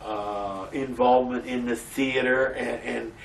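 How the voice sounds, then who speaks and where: A man recalling his stage roles in a relaxed interview, lively in pitch, talking in bursts and starting over mid-sentence. He sounds a little distant from the mic. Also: a little slow, vocal fry, a little hiss or hum. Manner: animated storytelling, many restarts. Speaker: community theater actor, interview guest. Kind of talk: casual interview.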